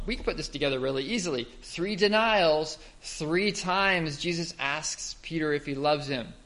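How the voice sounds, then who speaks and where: A man's voice: a little high, a bit bright. A man giving a Bible teaching talk, explaining step by step and asking the listeners rhetorical questions.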